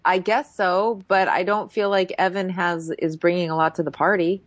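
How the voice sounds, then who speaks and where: Woman, co-host, casual recap chat, lowish voice, dry sound. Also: steady tone, moderate pace, no echo. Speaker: podcast co-host.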